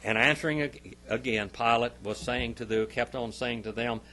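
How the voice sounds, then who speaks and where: Animated man teaching a Bible class. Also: medium pitch, normal speed, hardly any pauses, a little hiss or hum. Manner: animated, swinging from loud emphatic bursts to quiet asides; repeats phrases for emphasis. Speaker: Sunday school teacher. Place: church classroom.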